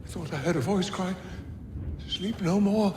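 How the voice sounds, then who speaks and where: A man's voice: high voice, unhurried, warm tone. An actor playing Macbeth, a shaken nobleman fresh from a killing, speaking in an agitated, haunted way in a stage drama. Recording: noisy film audio.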